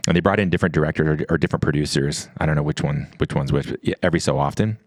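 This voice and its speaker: A middle-aged man with a very deep, low voice tells stories quickly in a relaxed podcast chat. He rambles, restarts his sentences and acts out quoted dialogue. The sound is dry and close. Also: no room sound. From US East Coast. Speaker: podcast guest. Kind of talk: casual storytelling.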